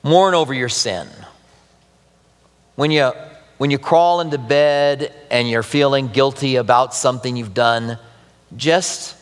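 A man's voice: mid-range voice, in a large hall. A man preaching a sermon as pastor, earnestly reading and explaining scripture.

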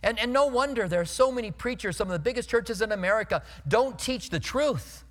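A male pastor preaching a sermon in a conversational, storytelling way, emphatic, dropping his voice low for serious points. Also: lively intonation, brisk, big-room sound.

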